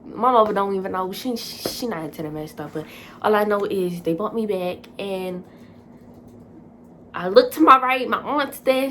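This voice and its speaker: A young woman vlogger telling a casual storytime, animated and dramatic, full of fillers. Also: medium pitch, moderate pace, slight background noise.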